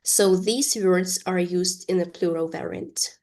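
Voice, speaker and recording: Woman teaching english, really slow and careful, spells out every sound. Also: on the low side, darkish tone. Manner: slow, careful pronunciation drills. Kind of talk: language lesson.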